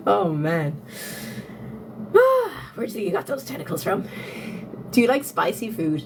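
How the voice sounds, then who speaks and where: A woman's voice: medium pitch, wildly swooping pitch, a little slow, long pauses, noisy background. A young Irish woman live-streaming casually, answering chat, laughing often and repeating phrases as she thinks aloud. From Ireland. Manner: giggly, breaks into frequent laughter. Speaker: livestreamer.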